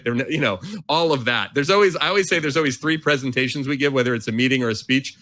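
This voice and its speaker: A man in his forties tells a story at a quick clip, lively and self-mocking as he plays out the nervous voice in his head. His pitch sits in the ordinary middle for a man. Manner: animated, self-mocking, acts out his inner voice. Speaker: author and guest. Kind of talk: storytelling in a conversation.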